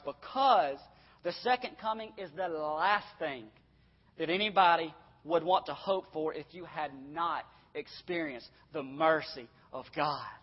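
A man's voice: fairly high pitch, husky. A man in his thirties preaching a sermon as pastor, repeating phrases and rising to emphatic, urgent pleading. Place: church hall. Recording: echoey hall, dull lo-fi sound.

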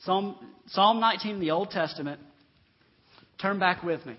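A pastor delivers a sermon in a church, his fairly high voice carrying a slight huskiness. At a moderate pace, he moves between loud, emphatic declarations and quiet, confiding asides. The audio is dull and lo-fi, and the sanctuary leaves a long reverb tail.

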